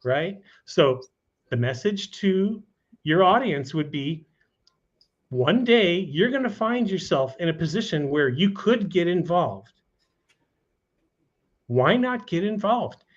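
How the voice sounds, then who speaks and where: A man, a talk show guest, telling a personal story in a relaxed, conversational way with frequent "you know" asides. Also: sits high, slow, pauses often. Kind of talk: casual storytelling. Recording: dull lo-fi sound.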